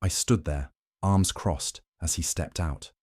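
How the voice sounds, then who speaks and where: Deep voice guy reading a first person drama story, calm and clipped, dry sound. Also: takes it slowly, slightly rough, dry recording. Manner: calm, terse. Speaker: narrator.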